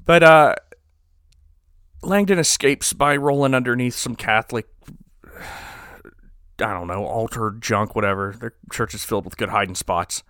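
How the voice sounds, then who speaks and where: A man casually recapping a movie plot on a podcast, rambling and joking with quick asides. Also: mid-range voice, fairly bright tone, clear, resonant tone, dry recording, clean studio sound. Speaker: podcast co-host recapping a film.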